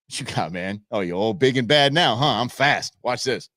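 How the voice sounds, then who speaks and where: A man's voice: mid-range voice, animated, moderate pace, sharp tone, no echo, studio quality. Man voicing a cocky cattle dog. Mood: taunting. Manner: taunting, swaggering.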